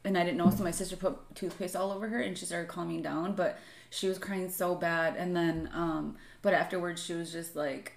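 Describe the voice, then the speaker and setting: A woman's voice: lowish voice, moderate pace, gravelly. A young woman co-hosting a podcast, telling a long story in casual chat with lots of fillers. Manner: animated storytelling with frequent fillers. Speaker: podcast co-host. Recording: echoey room.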